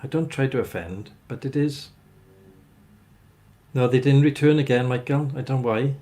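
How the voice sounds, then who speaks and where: With a warm, medium-pitched voice at a normal speed, a livestream host rambles through a story for his chat, repeatedly ending sentences with "right?" in ranting storyteller fashion.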